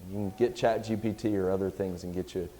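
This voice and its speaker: A man's voice: low-pitched, fairly even intonation, fast, dark tone, slight background noise. A man, a church deacon, preaching a sermon in a conversational way and reading scripture aloud with growing force.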